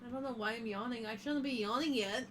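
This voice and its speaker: A woman's voice: fairly high pitch, fast, a bit bright, slight background noise. Woman giving dry, amused reactions. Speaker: game streamer. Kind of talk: casual chat while gaming.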